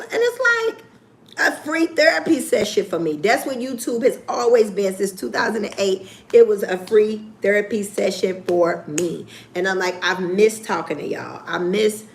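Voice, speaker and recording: A woman's voice: mid-range voice, creaky, slight background noise. Candid, profane woman chatting live. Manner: candid and profane, with lively swings. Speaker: YouTuber. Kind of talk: casual livestream chat.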